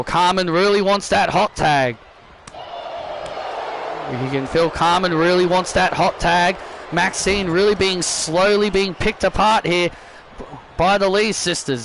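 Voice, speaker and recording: A man with a very high voice calls wrestling video game action as excited play-by-play. He keeps restarting and correcting himself and shouts when the big moves land. Steady background noise sits under the recording. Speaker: YouTuber commentating his own wrestling video game matches. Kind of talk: excitable play-by-play commentary over gameplay.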